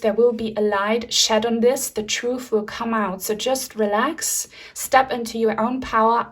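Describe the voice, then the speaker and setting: A woman's voice: mid-range voice, slightly rough. A woman giving a pick-a-card tarot reading in a soothing, reassuring spiritual tone. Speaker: tarot reader.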